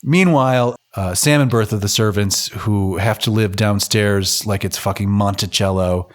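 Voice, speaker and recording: A man whose voice sits on the low side speaks at normal speed as a podcast co-host, loosely recapping an old film. He is profane and joking, quoting and acting out the characters' lines.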